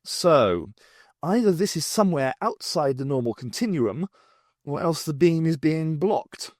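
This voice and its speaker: Man voicing a sarcastic alien time traveller, brisk, lecturing, animated pitch, dry close recording. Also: no room sound. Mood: explaining. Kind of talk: audiobook character voice.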